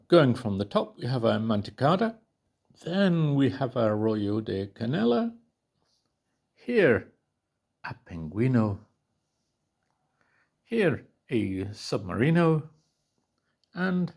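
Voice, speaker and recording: Slow, gravelly British man savoring cake. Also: on the low side, a bit bright. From Britain. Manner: slow, musing, savoring with hums between bites. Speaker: food vlogger. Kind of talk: casual food tasting vlog.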